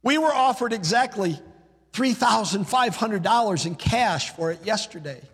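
A preacher voicing a shaky-voiced devout wife. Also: female voice, medium pitch, animated, normal speed, slightly rough, long reverb tail. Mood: earnest. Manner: shaking voice. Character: humble churchgoing wife offering her home.

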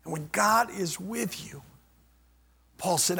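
Impassioned older male preacher, gravelly. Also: high voice, a little slow, in a large hall. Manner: impassioned, rising to shouts then dropping to near whispers. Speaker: pastor. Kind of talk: sermon.

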